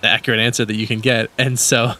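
A man co-hosting a casual podcast, relaxed, often laughing as he retells scenes. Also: medium pitch, fast talker. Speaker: podcast co-host.

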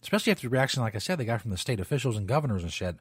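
A man's voice: mid-range voice, big pitch swings, very fast, husky, no echo. A male radio host talks in a loose, rambling way and swears without a second thought. His voice sits in an ordinary middle range. The sound is dry and close, with no room around it. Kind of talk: casual talk radio monologue.

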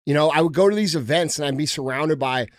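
A middle-aged man hosts a podcast and talks in a fired-up, profane rant. His voice sits high for a man. The sound is close and dry, with no room echo. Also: fast. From United States. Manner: blunt, profane, heated ranting. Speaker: podcast host. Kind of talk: casual podcast talk.

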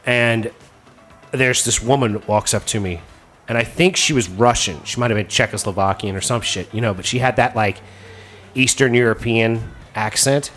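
A man's voice: medium pitch, normal speed, fairly bright tone, soft background music. A man hosting a casual comedy podcast, telling crude stories in a loose, rambling way full of fillers. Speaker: podcast host.

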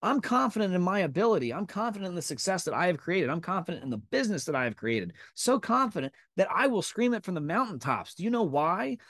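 A man's voice: high-pitched, very animated, fast talker, hardly any pauses, fairly bright tone, no room sound, studio quality. A man in his thirties hosting a podcast, giving an intense, profane and emphatic motivational monologue. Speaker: podcast host.

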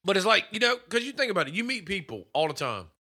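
A young man co-hosting a casual, profane movie-review chat, animated and swearing freely. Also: high-pitched, fast talker, breathy edge. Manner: animated, swearing, mimics characters in quotes. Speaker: podcast co-host.

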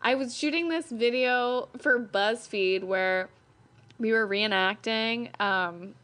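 A woman's voice: a little high, slow pace, a bit bright, clean tone. A young woman guest in a casual chat, chatty and hesitant with frequent fillers.

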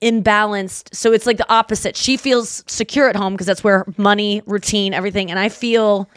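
A woman's voice: medium pitch, steady tone, moderate pace, clean tone, no echo, studio quality. A woman co-hosting a podcast, telling rambling stories in casual chat and acting out the people she quotes. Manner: rambling storyteller, acts out quotes. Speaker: podcast co-host.

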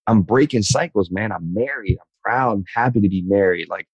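Guest, 30s man, very low voice, earnest candid interview talk, says man a lot, dry sound. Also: fairly quick, breathy edge, dry recording, muffled recording. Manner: earnest, repeats words, says man and dude. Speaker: podcast guest.

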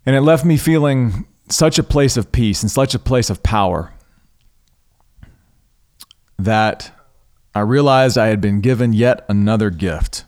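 A man hosting a podcast, earnestly recounting a personal spiritual experience in an unhurried way, pausing and restarting mid-thought. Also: mid-range voice, darkish tone. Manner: spiritual, devout tone. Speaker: podcast host. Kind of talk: reflective personal storytelling.

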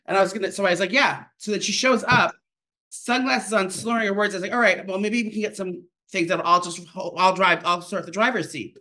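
Podcast co-host, male, rapid rambling storyteller with a bright edge. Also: sits high, steady tone. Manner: rambling storyteller, fast and chatty. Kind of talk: casual chat. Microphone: home microphone.

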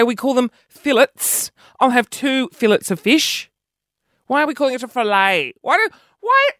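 A man's voice: sits high, gravelly, fairly bright tone, no echo, clean studio sound. A man with an Australian accent, chatting in a rambling, self-mocking vlog monologue that jumps between topics. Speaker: vlogger. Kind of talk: casual monologue to camera.

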